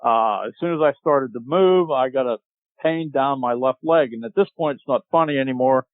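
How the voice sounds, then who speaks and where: A man guest on a podcast, telling a long hunting story in a casual, animated way and acting out what people said. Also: mid-range voice, normal speed, dry recording. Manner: animated storyteller, acts out shouted quotes. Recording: tinny phone-like line, dry.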